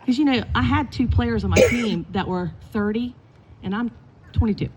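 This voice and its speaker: A middle-aged woman, a basketball coach, telling lively stories in a eulogy and acting out the quotes. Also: a little high, normal speed, lo-fi sound, very noisy. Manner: animated storytelling with acted quotes. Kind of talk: eulogy with storytelling. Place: indoors at a funeral gathering.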